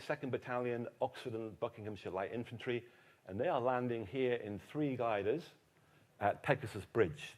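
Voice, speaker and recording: English man telling war stories. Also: medium pitch. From England. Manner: lively storyteller, dry self-mocking humor. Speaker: keynote speaker and historian. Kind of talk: lecture to a live audience. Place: conference hall.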